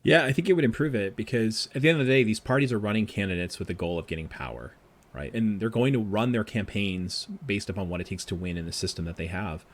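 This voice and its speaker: A man, a professor being interviewed, explaining politics in quick animated answers full of asides. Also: on the low side. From Boston area. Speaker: guest, professor.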